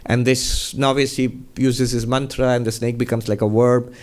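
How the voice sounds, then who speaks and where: A man's voice: mid-range voice, level tone, normal speed. A man, a monk answering audience questions, gives a spiritual talk and tells stories animatedly, often laughing.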